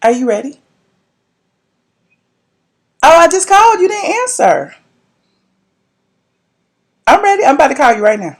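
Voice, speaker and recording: A woman's voice: sits high, very animated, unhurried, long pauses. Chatty woman hosting a gossip stream. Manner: chatty, gossipy, talks to her viewers. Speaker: vlogger hosting a live gossip chat. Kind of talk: casual live-stream chat.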